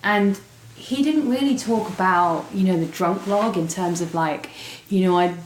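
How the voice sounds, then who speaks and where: A young English woman telling her recovery story as a guest, animated, with fillers and laughs. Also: mid-range voice, unhurried, slight background noise. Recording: roomy echo.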